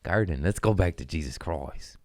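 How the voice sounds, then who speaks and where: A man's voice: low-pitched, sing-song, moderate pace, no room sound, studio quality. A man hosting a comedy podcast, telling profane stories in a rambling, joking way and slipping into silly voices. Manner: profane, jokey, bursts into silly put-on voices. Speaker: comedian host.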